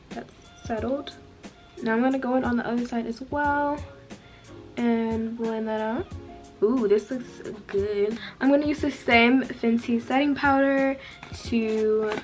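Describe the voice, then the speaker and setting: A young woman, casually talking viewers through a makeup tutorial, chatty and full of fillers. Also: a little high. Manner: chatty, filler-heavy, addresses viewers directly. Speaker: beauty vlogger.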